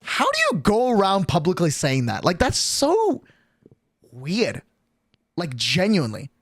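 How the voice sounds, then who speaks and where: A man's voice: high voice, wildly swooping pitch, a little slow, a bit bright, no room sound, clean studio sound. Exasperated young man ranting, swearing. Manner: exasperated, profane, rambling with many restarts. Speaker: streamer. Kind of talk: casual storytime rant.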